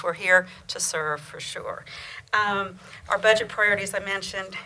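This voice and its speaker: A woman giving a library report to a county board, grateful in tone and halting, with many fillers and restarts. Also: lowish voice, pushed and bright, slight background noise, low-quality recording. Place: county board meeting room.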